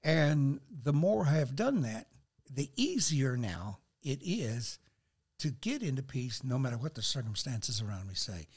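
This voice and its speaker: A man's voice: mid-range voice, measured pace, slightly rough. An older man, a guest on a faith talk show, speaking earnestly and quoting scripture as he shares. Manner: earnest, animated, quotes scripture.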